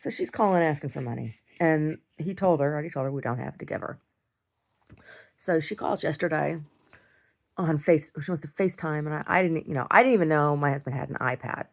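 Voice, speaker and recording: A woman's voice: low-pitched, fairly quick, creaky. A middle-aged woman venting in a casual video diary, blunt and exasperated, swearing and repeating herself. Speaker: video diarist.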